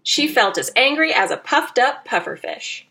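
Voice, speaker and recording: Bright, expressive woman reading a storybook. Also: sits high, moderate pace. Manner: expressive, playful, teacherly asides. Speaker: narrator. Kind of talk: children's storybook narration.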